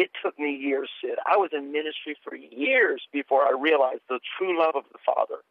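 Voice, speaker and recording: A man's voice: a little high, animated, moderate pace, gravelly, hardly any pauses, no room sound. A male minister speaks with fervent conviction, his voice carried in earnest, preacher-like waves as he tells his story. The sound is thin and boxed in like a phone line, with a dry, close feel and no room around it. He presses on with heartfelt urgency. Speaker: minister and guest. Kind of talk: fervent testimony and prophetic ministry.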